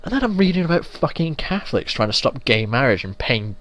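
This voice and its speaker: A man's voice: mid-range voice, sing-song, a little fast, fairly bright tone. A young man from England giving casual, sweary, ranting commentary while playing a video game. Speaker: let's play gamer.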